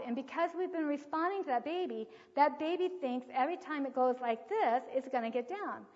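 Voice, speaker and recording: A woman coaching parents on raising children, telling anecdotes in a plain-spoken, demonstrative way. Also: sits high. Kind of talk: anecdotal teaching talk. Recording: dull lo-fi sound with long reverb.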